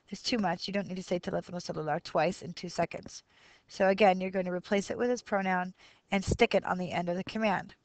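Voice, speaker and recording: A woman in her thirties talks through a grammar lesson, patient and explanatory, pausing on small fillers as she counts syllables out loud. Her voice sits in an ordinary middle register, recorded close and dry with no room sound. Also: medium pitch, steady tone, no room sound. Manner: switches between Spanish and English explanations, counting syllables aloud. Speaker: Spanish teacher. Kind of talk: classroom video lesson.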